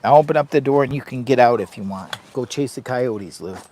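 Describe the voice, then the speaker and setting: A man's voice: medium pitch, a little fast, a little mellow, slight background noise. Rambling man chatting in a hot tent. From Michigan. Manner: rambling, talks to his dog in a doting baby voice. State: hot and sweating. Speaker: outdoor vlogger and live streamer. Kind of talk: casual live-stream chat. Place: inside a heated tent in the rain.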